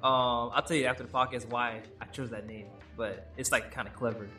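A man's voice: mid-range voice, steady tone, fairly quick, sharp tone, soft background music. A young man co-hosting a podcast in casual chat, rambling and laughing as he acts out quotes. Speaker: podcast co-host.

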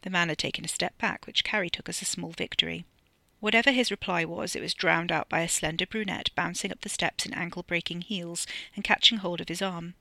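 Audiobook narrator, author reading, wry, bright, gravelly, dry close sound. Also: medium pitch, fairly even intonation, fairly quick, no room sound. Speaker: author reading own novella.

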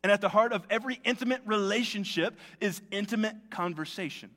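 A man preaching as pastor, animated and acting out quoted lines in shifting voices. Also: high-pitched, brisk, in a large hall. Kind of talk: sermon.

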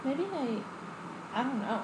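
A woman co-hosting a podcast in casual chat, expressive and playful, laughing often. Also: fairly high pitch, takes it slowly, over a noisy crowd. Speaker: podcast co-host. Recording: echoey room, faint noise.

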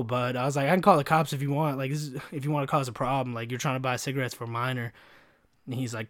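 A man's voice: mid-range voice, steady tone, fast, dry recording, clean studio sound. A young man hosting a solo podcast, rambling through stories with frequent laughs and acting out the voices of people he quotes. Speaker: podcast host. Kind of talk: casual solo podcast storytelling.

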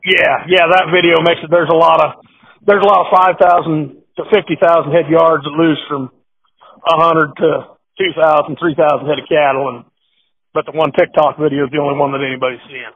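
A folksy man from Nebraska talking cattle in a casual, rambling way, repeating himself as he goes. His voice sits high for a man and comes over a thin, phone-like line. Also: level tone, a little fast. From Nebraska, USA. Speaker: cattle breeder, podcast guest. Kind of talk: casual phone interview and joke telling.

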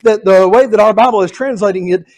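A man's voice: high voice, quick pace, a little mellow. A male pastor with a Southern US accent, preaching an expository sermon in an earnest, repetitive cadence.

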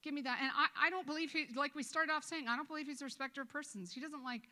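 A woman pastor gives a casual, joking sermon, slipping into quick acted asides. Her voice sits a little high and sounds bright and clear. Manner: conversational and joking, with many restarts and acted asides.

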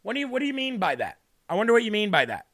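High, gravelly-voiced male talk host. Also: racing. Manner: animated, sarcastic ranting. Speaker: show host. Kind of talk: opinionated political talk.

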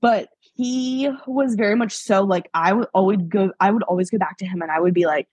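Husky-voiced young woman telling her story. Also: mid-range voice, brisk, a little mellow, no echo, lo-fi sound. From Pennsylvania, USA. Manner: chatty, laughs often, acts out past conversations. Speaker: podcast guest. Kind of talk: casual storytelling interview.

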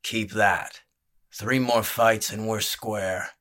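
A blunt, growling prize fighter, voiced by a male narrator, proud and unwilling to back down. His voice sits low and rough. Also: steady tone, takes it slowly, fairly bright tone. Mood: defiant. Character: gruff male brawler, proud and defiant.

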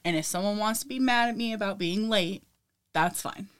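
Young woman, podcast co-host, casual chat, animated storyteller, laughs a lot. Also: mid-range voice, moderate pace, smooth.

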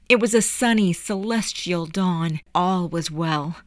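A woman narrating a dark audiobook chapter dramatically and expressively. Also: lowish voice, unhurried, hardly any pauses, no room sound. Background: faint background music.

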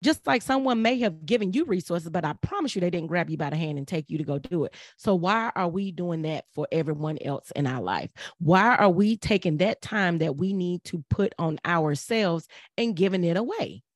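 A woman's voice: lowish voice, lively intonation, moderate pace, hardly any pauses, no echo, clean studio sound. A middle-aged woman, speaking in an earnest, preachy way and repeating phrases for emphasis. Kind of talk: casual motivational talk.

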